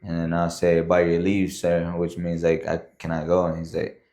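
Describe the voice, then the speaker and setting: A man with a very low, deep voice speaks as a guest on a podcast. He tells his story casually and loosely, with plenty of fillers and a habit of saying "man" and "bro". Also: monotone, moderate pace, dark tone.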